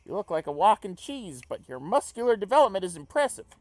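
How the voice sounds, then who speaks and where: Game figure: an upbeat male communist troll, loud and preachy, put on by a man reading. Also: very animated, quick pace, dry recording. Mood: cheerful. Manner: booming, earnest, speechifying. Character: cheery earnest communist male alien troll.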